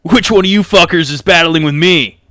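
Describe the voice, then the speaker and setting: A man's voice: fairly high pitch, normal speed, no echo, voice pushed up. A man playing a cocky fanged creature brawler. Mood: brash. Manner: swaggering, swearing, loud. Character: brash fanged male battling creature, cocky.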